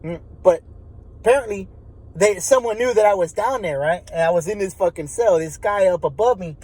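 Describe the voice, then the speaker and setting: A man's voice: high voice, brisk, darkish tone, rough recording. A man telling a story casually, profane and rambling with many restarts. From Texas.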